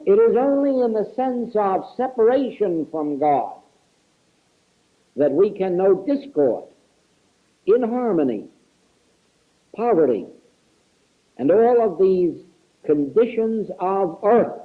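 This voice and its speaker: A man's voice: sits high, very animated, takes it slowly, long pauses. Earnest man on an old lo-fi lecture tape. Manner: earnest, emphatic, repeats key words for stress. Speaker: spiritual teacher. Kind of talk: recorded spiritual lecture. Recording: lo-fi archival tape recording.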